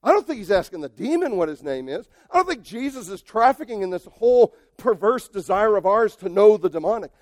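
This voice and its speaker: A male pastor preaches with lively emphasis and talks directly to his congregation. His voice sits high for a man and he swings from soft remarks to loud outbursts. The sound is dry, with no room echo. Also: fairly quick, few pauses. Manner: addresses the congregation directly and conversationally. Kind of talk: sermon.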